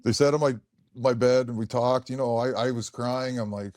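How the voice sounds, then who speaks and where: A man's voice: mid-range voice, steady tone, normal speed, darkish tone, dry recording, clean studio sound. A man in his forties, a former hockey player, telling stories on a podcast in a frank, rambling way full of fillers and swearing. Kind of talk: casual podcast storytelling.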